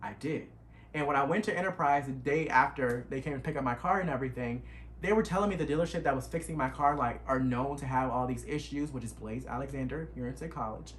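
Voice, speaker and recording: Young male vlogger, mid-pitched, animated emotional storyteller, faint noise behind. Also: quick pace. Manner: animated, emotional retelling with dialect. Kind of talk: casual storytime.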